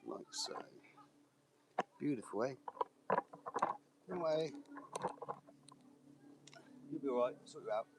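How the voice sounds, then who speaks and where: A man's voice: mid-range voice, animated, takes it slowly, long pauses. Guy rambling to his phone on a walk, very up and down voice, noisy outdoor audio. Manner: rambling, chatty, talks to camera while walking. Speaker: vlogger live streaming. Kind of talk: casual walking live stream. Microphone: handheld phone.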